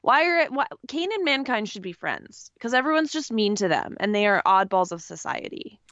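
A woman co-hosting a casual recap podcast, opinionated and animated with quick asides. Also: medium pitch, no echo, highs cut off. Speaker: podcast co-host. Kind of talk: casual chat recapping wrestling.

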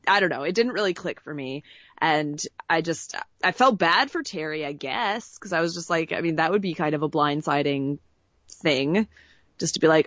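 A woman's voice: low voice, normal speed, fairly bright tone, no room sound, dull audio. A woman co-hosting a podcast in casual chat, giving wry, plainspoken reactions. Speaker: podcast co-host.

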